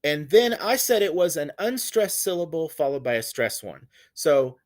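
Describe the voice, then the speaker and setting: A man's voice: on the high side, expressive. A man giving a recorded literature lecture, patiently explaining poetic meter and reassuring his students. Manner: patient and reassuring, slow and deliberate, counts out stresses. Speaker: literature teacher.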